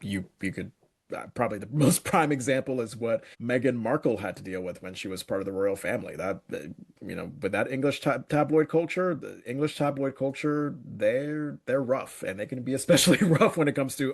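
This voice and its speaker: A man's voice: mid-range voice, fairly quick. A man from the United States hosting a podcast, asking questions in casual chat, hesitant and full of fillers. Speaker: podcast host.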